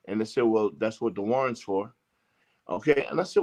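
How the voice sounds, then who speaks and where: Speaking quickly at a medium pitch, a Jamaican interview guest delivers a lengthy, emphatic story full of swearing, performing the quoted lines of each character. His tone is slightly mellow, and the sound is lo-fi.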